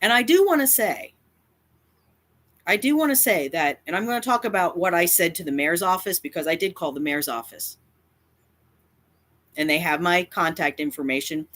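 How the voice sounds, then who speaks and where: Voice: medium pitch, animated, normal speed, long pauses, fairly bright tone. A YouTuber speaking straight to camera in a confrontational rant, defiant and emphatic, often repeating lines for effect. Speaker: cat advocacy YouTuber.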